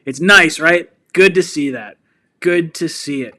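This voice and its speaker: A man hosting a live fan stream who reads viewer comments and gets excitable and fired up, laughing and shouting. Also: a little high, unhurried. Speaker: sports fan channel host.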